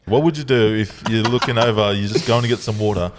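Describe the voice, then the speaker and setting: A man's voice: lowish voice, fast, noisy background. A man hosting a comedy podcast, reading out listener questions and trading crude jokes with a laugh. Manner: laughs often, deadpan delivery of crude jokes. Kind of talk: crude casual banter.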